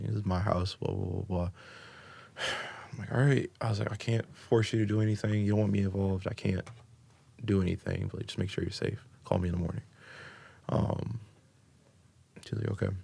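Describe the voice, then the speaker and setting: American man, deep voice, gravelly, rambling podcast guest. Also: darkish tone. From United States. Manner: rambling, filler-heavy with constant "like" and "um". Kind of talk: casual storytelling.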